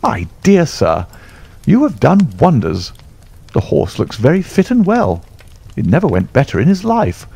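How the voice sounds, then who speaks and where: A man's voice: on the high side, wildly swooping pitch, a little slow, creaky, warm tone, slightly rough, no echo, pitched above the performer's own voice, full character voice. A man voicing an agitated older male colonel in an audiobook, with a strained, exclamatory manner. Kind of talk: audiobook character voice.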